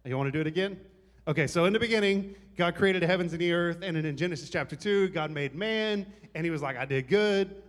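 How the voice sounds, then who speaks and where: A man preaching a sermon in a conversational, joking way, teasing the congregation. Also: fairly high pitch. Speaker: pastor. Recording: long hall reverb.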